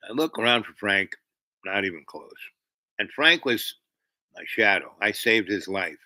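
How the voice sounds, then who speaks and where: A man's voice: on the low side, a little slow, bright, forceful tone, no echo, low-quality recording. A man hosting a livestream, telling a meandering story to his chat with many fillers and restarts. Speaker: livestream host.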